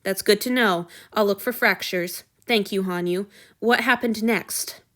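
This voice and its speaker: Woman reading as a calm healer lady, kind but brisk, slow and soothing. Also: medium pitch, lightly acted. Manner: soothing, matter-of-fact.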